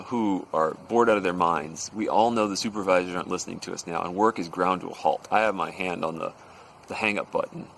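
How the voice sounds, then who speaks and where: A man telling a workplace story in a casual, animated way, acting out the people in it. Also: sits low, a little hiss or hum, low-quality recording. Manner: animated, acts out quoted voices.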